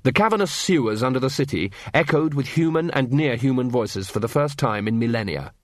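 A man narrates a story in a wry, measured way. His pitch is lively and varied, and the recording is close and dry with no room sound. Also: no echo. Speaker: audiobook narrator. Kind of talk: scripted narration.

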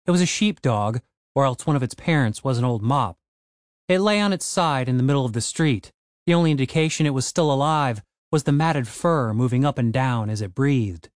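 A man narrating a comic fantasy audiobook in a wry, lively storytelling manner. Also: mid-range voice, brisk, no echo, clean studio sound.

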